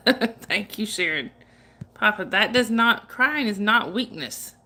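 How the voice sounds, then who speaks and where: Woman streamer, casual and chatty, crisp bright tone, laughs a lot, talks warmly to chat. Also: mid-range voice, animated, slow. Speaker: livestream host. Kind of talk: casual livestream chat reading viewer comments.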